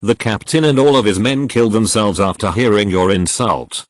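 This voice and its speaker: A man reading funny text-adventure stories aloud with deadpan punchline delivery. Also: fairly low pitch, moderate pace, hardly any pauses, dry recording. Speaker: narrator.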